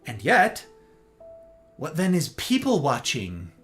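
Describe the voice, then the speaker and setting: A man's voice: fairly high pitch, takes it slowly. American guy ranting on his stream, voice swinging up and down, bit of music under it. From United States. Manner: animated, keeps asking "right?" and "okay?". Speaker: host. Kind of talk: livestream monologue.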